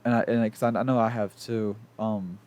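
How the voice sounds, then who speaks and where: A man's voice: lowish voice, fairly even intonation, brisk, darkish tone. A young man from South Carolina co-hosting a podcast, speaking hesitantly with many restarts in a casual chat. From South Carolina, USA. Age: young adult. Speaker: podcast co-host.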